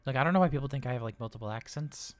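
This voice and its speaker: Speaking at a racing pace in a medium-pitched voice, a man lightly acts out an anxious, upbeat male robot who works at a daycare, rambling, stammering, and getting flustered as he chats on a live role-play stream. The sound is echo-free with soft background music.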